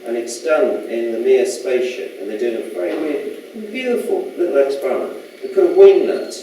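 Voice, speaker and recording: In a lecture room, a man delivers an informal public talk, wandering conversationally and frequently quizzing his listeners. His mellow voice sits in the mid range and moves at an ordinary speed, captured at a distance in a reverberant hall with a little background noise.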